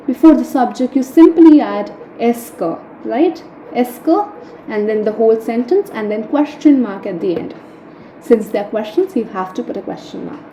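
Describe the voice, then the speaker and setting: A woman's voice: a little high, warm tone. A young woman teaching French grammar, explaining step by step and checking in with "right?" after key points. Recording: echoey room, faint hum.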